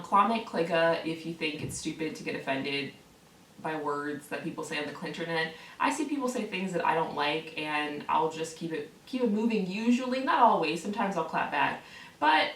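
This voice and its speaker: A woman's voice: mid-range voice, fairly bright tone. A woman ranting to camera in a vlog, heated and profane, hammering the same words again and again. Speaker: online video creator. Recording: roomy echo, voice from a distance from the mic.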